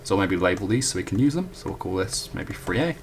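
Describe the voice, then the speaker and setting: Very animated and fast, a young student tutor with a deep voice walks through a math proof at the whiteboard. He's chatty, corrects himself often, and adds apologetic asides, all over a slight hiss or hum.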